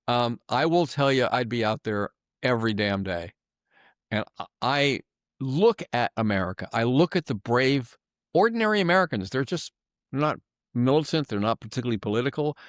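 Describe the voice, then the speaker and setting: A man's voice: medium pitch, no room sound, clean studio sound. An older man delivering an angry, sarcastic political commentary monologue, emphatic and heated.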